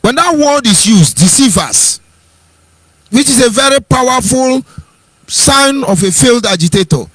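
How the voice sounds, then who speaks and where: High-voiced Nigerian man preaching politics. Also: lively intonation, a little slow, a bit bright, dry recording. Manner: rhetorical, mocking, preachy. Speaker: political commentator. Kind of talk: impassioned broadcast monologue.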